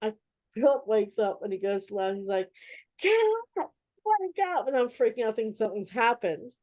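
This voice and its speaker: A woman's voice: medium pitch, fairly quick, a little mellow, no echo. A woman telling stories in casual chat, acting out her own reactions with animation. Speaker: host.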